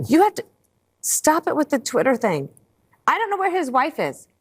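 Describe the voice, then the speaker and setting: A woman's voice: high-pitched, wildly swooping pitch, moderate pace. A woman commentator on a TV panel, talking in a scolding, emphatic way. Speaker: political commentator.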